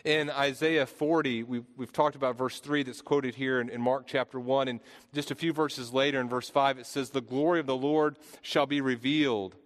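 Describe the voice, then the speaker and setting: With a steady, mid-range voice at normal speed, a thirty-something pastor preaches earnestly with hardly any pauses, often repeating and restarting phrases. The recording has a long hall reverb.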